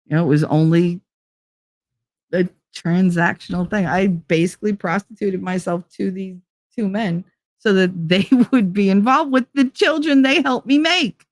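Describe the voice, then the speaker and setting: A woman hosts a casual talk show and tells a personal story bluntly, with lots of animation and plenty of swearing. Her voice sits at an ordinary middle pitch and is recorded dry and close. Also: moderate pace, dry recording. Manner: swears freely. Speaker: host. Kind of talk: casual chat.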